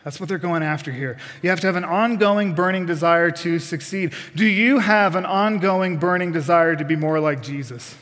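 At a moderate pace with hardly any pauses, a preacher delivers his sermon in a fairly high, fairly bright voice. Direct questions and folksy asides fill his words, which echo with the long reverb of a church sanctuary.

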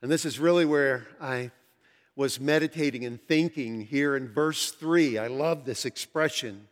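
A pastor preaching a sermon to his congregation, earnest and conversational, slowing down to stress key phrases, his throat a little dry. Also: mid-range voice. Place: large church sanctuary. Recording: long hall reverb from a large church.

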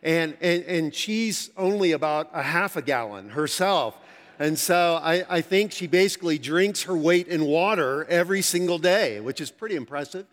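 A pastor preaching a sermon to his congregation, earnest and conversational, slowing down to stress key phrases, his throat a little dry. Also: on the high side. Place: large church sanctuary. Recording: long hall reverb from a large church.

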